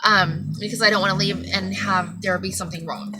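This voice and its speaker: A woman vlogging from inside her car in a candid, excitable, rambling way. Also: medium pitch, a little fast, a crowd in the background, poor audio. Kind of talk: casual chatty update. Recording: car noise behind voice.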